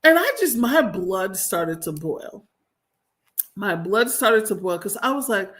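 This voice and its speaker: A woman's voice: mid-range voice, animated, takes it slowly, fairly bright tone. A woman hosting a livestream, ranting in a blunt, profane, exasperated way. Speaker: livestream host. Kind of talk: casual ranting commentary.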